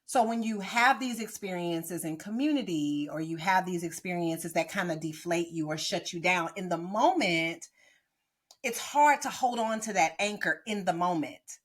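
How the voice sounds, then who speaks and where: A woman's voice: fairly low pitch, normal speed. A woman podcast host and pastor giving earnest, exhorting encouragement, often checking in with "right?". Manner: preachy, exhorting, frequent "right?". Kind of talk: encouraging ministry podcast talk. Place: boardroom.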